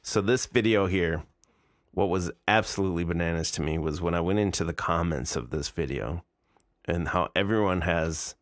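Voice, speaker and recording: In a deep voice at normal speed, a man in his 40s reacts to videos on a livestream, sounding casual, disbelieving, and mocking. The audio is clean studio quality without echo.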